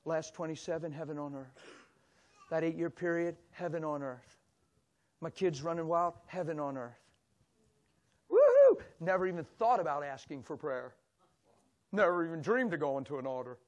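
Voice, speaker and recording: High-voiced older man preaching animatedly. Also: normal speed. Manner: animated storytelling, swings from loud exclamations to soft near-whisper. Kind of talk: sermon. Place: church.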